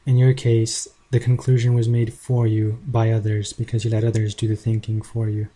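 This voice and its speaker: A man's voice: fairly low pitch, completely flat delivery, normal speed, dark tone, a little hiss or hum. A man making a rebuttal video, arguing in a combative and mocking manner. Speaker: video creator responding to a critic.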